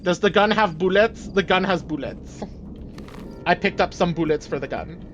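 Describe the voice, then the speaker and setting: A man with a notably high voice streams a game, chattering, swearing and exclaiming as he plays. He reads the characters' lines aloud in put-on British voices. Soft game music plays faintly underneath. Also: normal speed, highs cut off. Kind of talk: let's-play commentary, reading game dialogue aloud.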